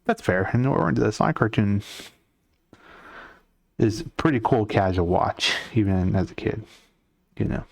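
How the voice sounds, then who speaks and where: A young man talks loosely with his live-stream chat as he draws, rambling from one comment to the next. His voice sits low with a gravelly fry in it. The sound is dry and close, with no room around it. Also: animated, moderate pace, long pauses, no echo. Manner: rambling, chatty, reads chat aloud and answers. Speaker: art streamer. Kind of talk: casual live-stream chat while drawing.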